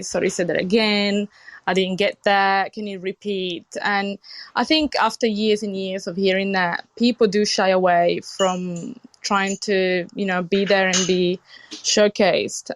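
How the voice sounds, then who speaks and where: A woman's voice: medium pitch, no room sound. A young adult woman chef from Sicily with an Italian accent touched by British English, talking earnestly and frankly in an interview. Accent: Italian with British English influence. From Sicily, Italy. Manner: earnest, frank, with frequent restarts. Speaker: chef, guest. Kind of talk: casual interview conversation.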